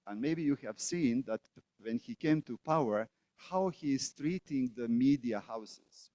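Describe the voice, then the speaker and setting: Man, middle-aged, guest lecturer, mellow voice, dry sound, halting with uh pauses. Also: mid-range voice, dry recording. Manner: deliberate, with frequent "uh" pauses and repetitions. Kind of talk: academic lecture. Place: auditorium.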